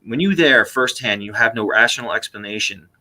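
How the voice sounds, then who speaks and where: An American man, a paranormal investigator, talking earnestly in long runs with quick restarts. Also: fairly low pitch, sharp tone. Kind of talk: casual interview talk.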